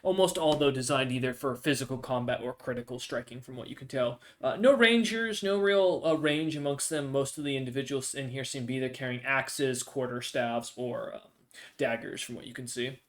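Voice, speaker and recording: A man's voice: medium pitch, a little fast, a bit bright. A man narrating a tabletop role-playing game as game master, in a casual, rambling way. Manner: casual, with many fillers and restarts.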